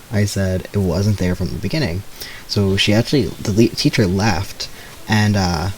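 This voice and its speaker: Low-voiced young man rambling while gaming. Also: a little mellow, a little hiss or hum, rough recording. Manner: rambling, self-deprecating storytelling with nervous laughs. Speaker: game streamer. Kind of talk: casual gameplay commentary.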